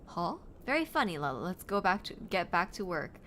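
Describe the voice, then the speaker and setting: A woman's voice: lowish voice, big pitch swings, fairly quick, sharp tone, slight background noise. A woman streaming a game, chatting casually and reacting aloud, her voice worn and strained. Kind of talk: casual gameplay commentary. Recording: game music behind the voice.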